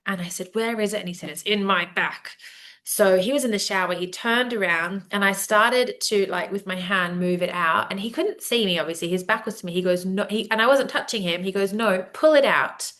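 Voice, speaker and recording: A woman in her thirties hosting a casual podcast conversation over a video call, chatty and animated, laughing often as she tells stories. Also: medium pitch, a little fast. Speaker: podcast host.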